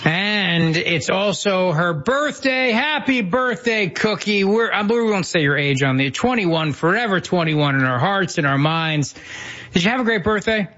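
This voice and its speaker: A man's voice: high voice, lively intonation, a little slow, bright, forceful tone, highs cut off. A man hosting a radio show, teasing his co-host with dry humor in casual banter.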